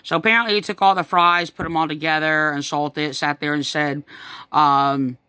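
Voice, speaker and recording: A distressed woman telling her story to the camera in a halting, repetitive way, with many fillers and sighs. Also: sits low, steady tone, sharp tone, clear, resonant tone, dry recording. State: upset. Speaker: vlogger recounting a family incident. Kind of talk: distressed personal account to camera.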